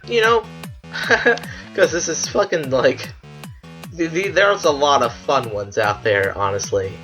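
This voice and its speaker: A man's voice: fairly high pitch, pushed and bright. A man giving casual, profane commentary while ranking clips, ranting in disbelief and laughing. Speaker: video creator ranking clips.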